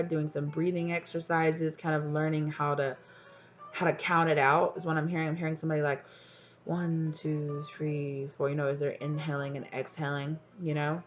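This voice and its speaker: A woman's voice: fairly even intonation, highs cut off, faint music behind. A woman tarot reader speaking straight to her viewers, affectionate and soothing, often checking in on them. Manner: soft and soothing, deliberately lowered voice. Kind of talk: tarot reading addressed to viewers.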